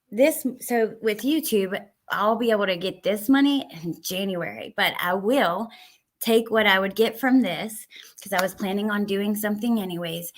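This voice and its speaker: A woman chats live on her stream, mid-pitched for her sex, answering viewers one name at a time. She swings from fired-up, profane ranting to soft, warm thanks. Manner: heated and profane, then warm and thankful to chatters. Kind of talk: casual live-stream chat, reading viewer comments.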